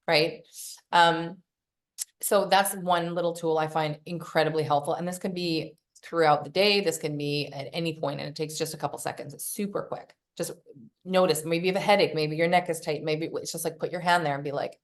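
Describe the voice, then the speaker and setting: A woman's voice: on the low side, brisk. A woman hosting a podcast, giving casual self-help coaching, swearing freely and acting out her own inner voice. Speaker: podcast host.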